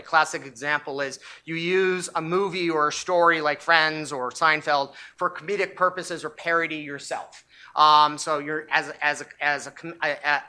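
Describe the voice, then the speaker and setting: A legal lecturer with a bright, ringing voice walks through a court ruling point by point. The delivery is analytical and emphatic, with frequent restarts as the speaker rephrases mid-sentence. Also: mid-range voice. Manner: emphatic when stressing key points. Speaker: legal commentator.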